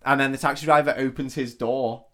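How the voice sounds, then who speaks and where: A man on a podcast, chatting loosely as he recounts a film scene by scene. He swears freely, laughs often and slips into the characters' lines as he goes. His voice sits at an everyday middle pitch for a man. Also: fairly even intonation, a little fast, fairly bright tone. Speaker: podcast co-host. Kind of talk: casual chat retelling a film plot.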